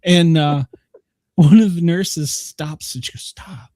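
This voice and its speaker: A man's voice: on the high side, slow, dry recording, studio quality. A middle-aged man hosting a podcast, telling stories in casual chat, laughing often. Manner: chatty storyteller, laughs often, animated. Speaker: podcast host.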